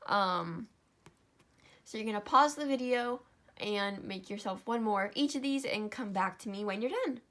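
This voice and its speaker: A woman's voice: mid-range voice, moderate pace, fairly bright tone. A young woman hosting a step-by-step craft tutorial, tired and yawning, apologizing as she talks through each stitch.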